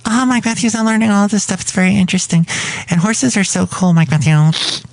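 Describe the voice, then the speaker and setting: A man voicing a chirpy, eager female gift shop supervisor in a high, sing-song voice. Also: brisk, creaky, no echo, low-quality recording.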